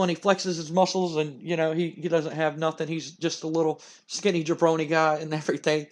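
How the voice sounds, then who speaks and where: A man's voice: on the high side, little pitch movement, fairly quick, few pauses. A man narrating a wrestling game playthrough in a casual, rambling way. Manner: rambling, many "like" and "and everything" fillers. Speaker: let's-play narrator.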